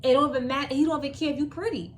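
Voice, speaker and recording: A woman's voice: sits high, fairly even intonation, very fast. A woman giving opinionated commentary in a vlog, preachy and repeating her points for emphasis. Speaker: commentary vlogger.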